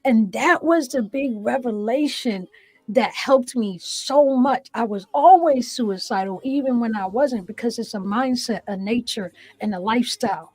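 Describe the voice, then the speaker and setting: A woman's voice: a little high, unhurried, darkish tone, slightly rough, dry recording, poor audio. A woman guest giving her testimony in an interview, earnest and preacherly, repeating phrases for emphasis, from a small room at home.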